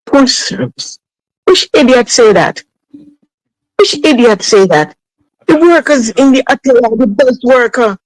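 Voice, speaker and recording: A woman's voice: fairly high pitch, expressive, a little slow, pauses often, no echo, poor audio. Emphatic Jamaican woman caller, dry sound. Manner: emphatic, exclaiming, calls on God. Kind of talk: call-in radio talk.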